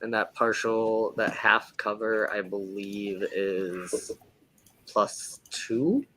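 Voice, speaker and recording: Bright-voiced man running a tabletop game. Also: on the low side, slow, low-quality recording. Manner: casual, filler-heavy descriptions. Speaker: game master.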